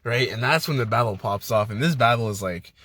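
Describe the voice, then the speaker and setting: A young man giving a casual spoiler movie review, excitable, slangy and full of swearing. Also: mid-range voice, a little fast, no room sound. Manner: hyped, profane, slangy storytelling.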